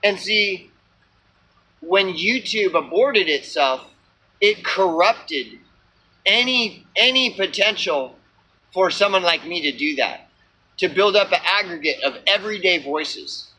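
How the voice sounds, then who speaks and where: A man's voice: sits high, lively intonation, takes it slowly, bright, forceful tone, breathy edge, low-quality recording. A man ranting into his camera for his small channel, unscripted and profane, full of fillers, restarts and repeated words. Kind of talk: rambling unscripted rant to camera.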